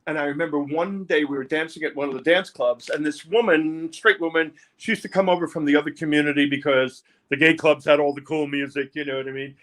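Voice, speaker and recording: Older new guy rambling through a story, kinda high voice, stops and restarts a lot. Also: fairly even intonation, a bit bright. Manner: rambling, halting, repeats words. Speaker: interview guest, music producer. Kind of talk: candid personal storytelling.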